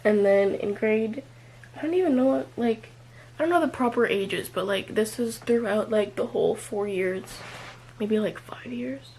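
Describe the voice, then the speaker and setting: A young woman in a personal vlog, talking haltingly and filling her speech with "like" and trailing pauses. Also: medium pitch, a little mellow, slight background noise, poor audio. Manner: hesitant, filler-heavy, many "like"s and trailing off. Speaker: vlogger.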